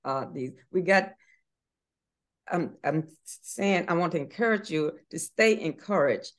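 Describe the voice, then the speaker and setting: A woman's voice: fairly low pitch, animated, unhurried. A middle-aged woman giving an earnest faith testimony in an interview, with fillers and restarts, acting out voices in her story.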